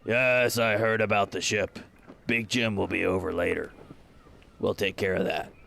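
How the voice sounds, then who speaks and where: A man voicing a scarred male half-orc barge guard with a deep voice and blunt, slow demands. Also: fairly even intonation, gravelly, pushed and bright, slight background noise, exaggerated voice. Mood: gruff.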